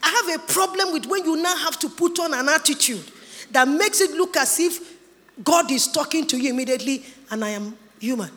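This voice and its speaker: In a large hall with long reverb, a woman delivers a sermon in a high, bright, forceful voice at a fairly quick pace. Emphatic and animated, she occasionally mimics other people.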